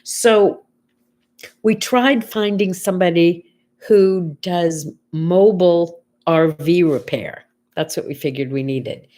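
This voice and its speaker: A woman's voice: fairly low pitch, slow pace, warm tone. An older woman hosting a casual morning chat show, telling stories in a chatty way and quoting people as she goes. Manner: chatty storytelling, quotes others in conversation. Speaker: host.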